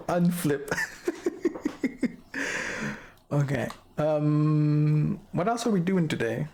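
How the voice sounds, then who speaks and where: This creaky, slightly mellow voice sits at medium pitch. It belongs to a young adult streamer who giggles often, rambles, and talks to chat while casually showing an avatar model to viewers.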